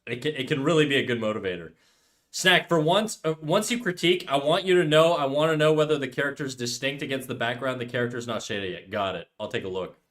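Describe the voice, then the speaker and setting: A man's voice: mid-range voice, lively intonation, fast talker, a bit bright. Laid-back man chatting on stream. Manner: rambling, candid, says "dude" a lot. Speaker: streamer and artist. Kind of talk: casual livestream chat.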